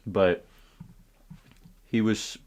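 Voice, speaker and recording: Deep-voiced man telling a wild story. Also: drawn-out words. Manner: profane, animated retelling with asides to viewers. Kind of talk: casual story time.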